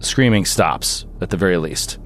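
A man's voice: low voice, moderate pace, a little hiss or hum. A man running a horror tabletop game as game master over a video call, telling the scene vividly with fillers and restarts. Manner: vivid storytelling with fillers and restarts, bursts into loud sound effects.

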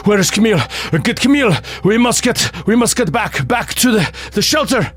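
A man voicing a frantic father caught in wartime shelling, shouting high and urgent for his family and telling others to flee. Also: expressive, a little fast, slightly rough, dry recording, full character voice. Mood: panicked. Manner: panicked shouting, begs and urges others to flee.

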